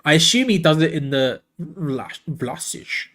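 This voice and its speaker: Excitable man doing a football watch-along. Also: fairly high pitch, normal speed. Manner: excitable, chatty, jumps between play-by-play and reading comments. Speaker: watch-along host and commentator. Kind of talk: live football watch-along commentary mixed with chat replies.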